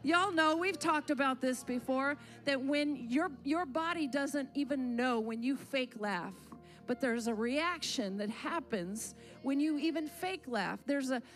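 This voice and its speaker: A woman worship leader fervently exhorting a church congregation, rallying them to laugh along with her. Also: high-pitched. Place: church sanctuary.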